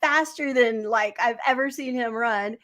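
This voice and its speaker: A woman's voice: fairly high pitch, unhurried, fairly bright tone. A woman hosting a devotional livestream from home in a casual, enthusiastic, rambling way, reading out and answering viewers. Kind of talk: casual live-stream chat.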